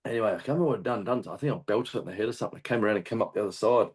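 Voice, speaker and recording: A man with an Australian accent, a hunting guest telling a story in casual chat, animated and swearing often. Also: on the low side, racing. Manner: animated, swears often, acts out shouted quotes. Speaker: guest hunter.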